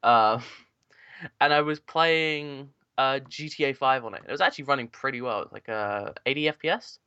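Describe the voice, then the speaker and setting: A man's voice: mid-range voice, normal speed, pushed and bright, smooth, no room sound. Rambling man with dull lo-fi sound. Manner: rambling, filler-heavy tech talk. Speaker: podcast co-host. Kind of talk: casual chat.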